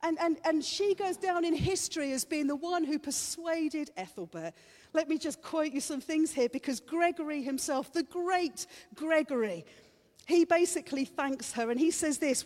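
Woman preacher, high pitched, playful sermon, live hall echo. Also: normal speed, darkish tone. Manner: chatty, playful, teases the congregation. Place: church hall. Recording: reverberant hall.

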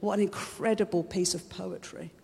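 A woman's voice: mid-range voice, steady tone, normal speed, creaky, mellow. A woman giving a chatty, conversational sermon, openly emotional and laughing often. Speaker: preacher. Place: church hall. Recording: long hall reverb.

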